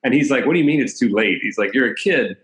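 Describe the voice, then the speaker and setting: A man's voice: mid-range voice, quick pace, fairly bright tone. A man from the Washington, D.C. area who works as a chiropractor, telling casual, anecdotal stories in an interview and laughing between them. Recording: roomy echo.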